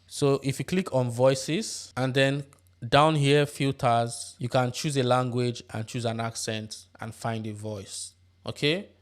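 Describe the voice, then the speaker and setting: A man hosting a tutorial, explaining software steps one by one and checking in with tag questions. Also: mid-range voice, fairly even intonation, unhurried. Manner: step-by-step instructive, tag questions. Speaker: tutorial host. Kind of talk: screen-recorded software tutorial.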